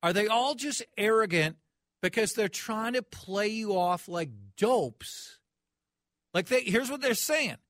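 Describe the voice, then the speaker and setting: A man's voice: high voice, animated, slow pace, a bit bright, no echo, studio quality. A man hosting a sports talk radio show, ranting in a mocking, incredulous way.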